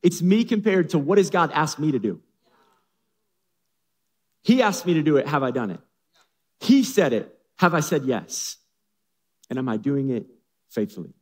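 A man's voice: on the high side, expressive, moderate pace, long pauses, darkish tone. A man preaching a sermon as a pastor, with dramatic, humorous storytelling, in an echoey hall.

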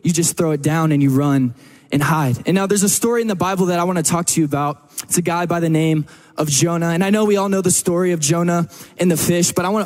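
A man's voice: on the high side, darkish tone. Upbeat man preaching. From Texas. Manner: casual, joking storyteller. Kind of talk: sermon. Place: church service.

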